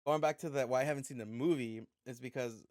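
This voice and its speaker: A man's voice: mid-range voice, fast talker, a little mellow, no echo. Brief: man, podcast guest, swears freely, rambling anecdote, dry close sound. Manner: profane, rambling storyteller. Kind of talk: casual chat.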